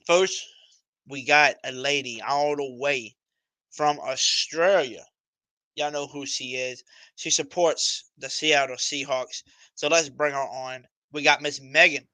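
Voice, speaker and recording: A man hosts a casual sports talk livestream in a bright, forceful voice. He speaks emphatically, uses plenty of slang, and repeats his points. The sound is dry and close. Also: mid-range voice, steady tone, takes it slowly, long pauses, no room sound, low-quality recording. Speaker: livestream host.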